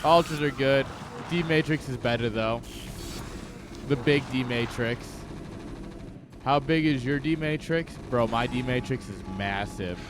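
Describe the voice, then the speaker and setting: A young man casting a live strategy game match, excitable and joking, breaking into loud yells. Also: mid-range voice, slow, background noise. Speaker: esports caster. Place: home streaming setup.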